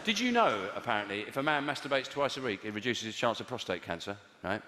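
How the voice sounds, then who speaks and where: A man doing improvised stand-up comedy from audience suggestions, mixing deadpan asides with sudden loud bursts. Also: medium pitch, quick pace. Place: large theatre with audience. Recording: echoey live hall, loud noise.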